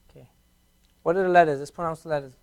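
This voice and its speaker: High-voiced man teaching a class. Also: steady tone, a little mellow. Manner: patient, repeats words slowly for students. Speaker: Arabic teacher. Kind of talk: classroom language lesson.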